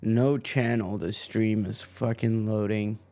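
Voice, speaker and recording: Brief: man, livestream football host, slow and drawn-out, smooth clear voice, profane griping between play calls. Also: on the low side, fairly even intonation, mellow. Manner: swearing, grumbling over a freezing stream. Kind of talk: live-stream commentary.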